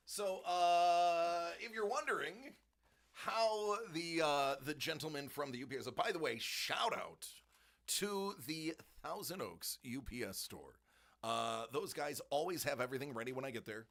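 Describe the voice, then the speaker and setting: Jokey middle-aged stream host, lively swooping delivery, voice a bit high for a man. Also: measured pace. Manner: jokey, laughs often, exclaims excitedly. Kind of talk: casual live-stream unboxing chat. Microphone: close desk microphone.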